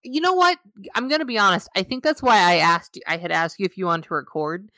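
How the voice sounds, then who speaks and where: A woman's voice: mid-range voice, a little fast, pushed and bright, dry recording. A woman co-hosting a podcast, chatting casually in a rambling, wry way with lots of fillers. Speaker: podcast co-host. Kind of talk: casual chat.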